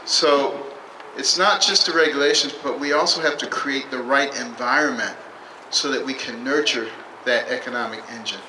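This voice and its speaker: A man giving a campaign speech at a public rally. He talks in short, measured, emphatic phrases with some dry humor. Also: mid-range voice. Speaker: political candidate. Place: public rally at a state capitol. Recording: echoey, distant mic, noisy.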